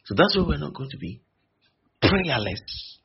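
A male preacher, repeating phrases for emphasis and slowing on key lines. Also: on the high side, big pitch swings. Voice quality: gravelly and very husky. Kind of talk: sermon. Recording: dull lo-fi recording.

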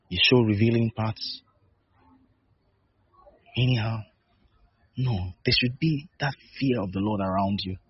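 Man, pastor, very husky voice, emphatic repeated exhortations, dull lo-fi recording. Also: medium pitch. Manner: repetitive, emphatic exhortation with rhetorical questions. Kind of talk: sermon.

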